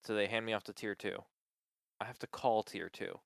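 A man's voice: on the low side, fairly even intonation, normal speed, creaky, a bit bright, no room sound, studio quality. A man in casual chat, venting with exasperation about a support call, swearing often and filling with "like".

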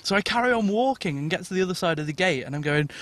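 Guy telling a funny story on a podcast, kinda high voice, laughs a lot, dry close sound. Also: racing, no echo. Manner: animated, laughs often mid-story. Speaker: podcast co-host. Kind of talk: casual storytelling.

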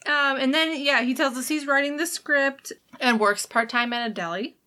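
A woman with a Midwestern American accent co-hosting a podcast, chatty and quick to laugh while recapping. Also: high-pitched, sharp tone. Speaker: podcast co-host. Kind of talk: casual chat.

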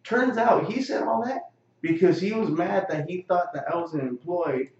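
A man's voice: high-pitched, normal speed, darkish tone. A young man telling a profane story in casual chat, acting out quotes and laughing often. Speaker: podcast co-host telling a story. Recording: roomy, distant, dull lo-fi sound.

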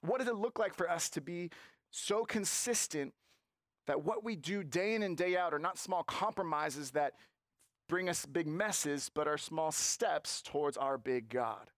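A male pastor preaching a sermon, slowing down to stress key phrases and acting out quotes. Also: fairly high pitch, no echo, studio quality.

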